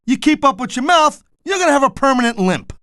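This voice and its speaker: A man's voice: extremely high pitch, very animated, a little fast, a bit bright, dry recording, studio quality. A middle-aged man doing color commentary for a wrestling video game, blunt and wisecracking with tough-guy slang.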